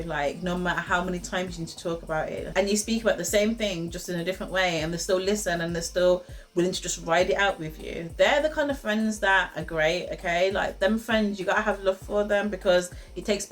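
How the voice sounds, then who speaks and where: Lively woman giving advice. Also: medium pitch. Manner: lively, repeats phrases for emphasis, laughs often. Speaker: host giving relationship advice. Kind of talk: casual motivational talk to camera.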